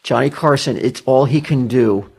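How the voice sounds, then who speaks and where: A man's voice: medium pitch, moderate pace, gravelly, slightly rough. A man co-hosting a podcast in casual chat, telling stories in a blunt, profane way. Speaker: podcast co-host.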